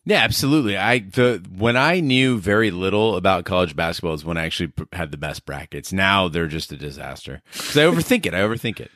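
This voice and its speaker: Man, podcast co-host, very low voice, dry close sound, relaxed and agreeable. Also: quick pace, hardly any pauses, dry recording. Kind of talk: casual podcast chat.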